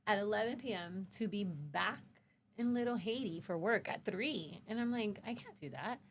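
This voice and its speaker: A woman's voice: mid-range voice, moderate pace, slight background noise. A woman who works in hospitality, a podcast guest telling family stories in casual conversation and acting out quoted dialogue with frank, salty language. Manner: animated, acts out quoted dialogue, swears freely.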